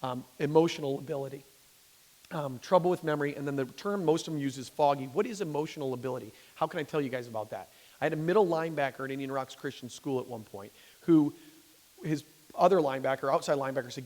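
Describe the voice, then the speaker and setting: A male doctor lectures in a loose, conversational way, moving along at a brisk clip. His voice sits at an average pitch and rings with the long reverb of a church hall. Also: darkish tone. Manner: conversational, checks in with "okay?", restarts sentences. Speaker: physician giving a public talk. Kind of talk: lecture to a lay audience.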